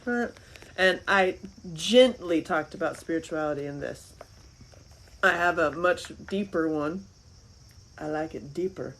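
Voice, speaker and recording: A woman talking as an interview guest in casual chat. She is animated, laughs often and repeats phrases. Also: deep voice, a little slow, pauses often, a little hiss or hum, low-quality recording. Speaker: interview guest, filmmaker and author.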